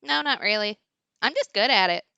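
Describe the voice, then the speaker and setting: A woman's voice: mid-range voice, expressive, moderate pace, gravelly, pushed and bright, smooth, no room sound, lo-fi sound. Playful young woman gamer. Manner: playful, giggly. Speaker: player. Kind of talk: casual tabletop play.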